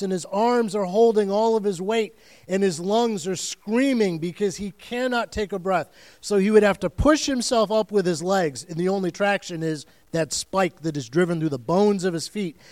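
A man's voice: high voice, moderate pace, a little mellow. A man preaching a sermon as pastor, telling the story in earnest and vivid detail and repeating phrases for weight.

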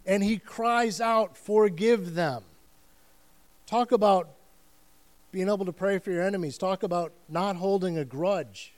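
Earnest high-voiced pastor. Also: male voice, normal speed. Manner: earnest, vivid storytelling with repeated phrases. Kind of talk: sermon.

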